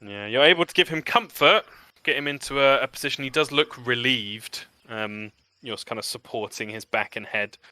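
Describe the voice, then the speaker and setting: Bright clear-voiced man as game master. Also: mid-range voice, normal speed. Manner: descriptive, with frequent ums. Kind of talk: narrating a tabletop game.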